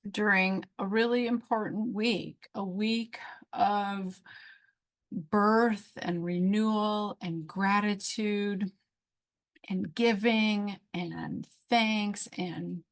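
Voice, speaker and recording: A woman podcast host and physician giving a heartfelt devotional talk, emotional and unhurried. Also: mid-range voice, fairly even intonation. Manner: emotional, slow and heartfelt with bursts of speed.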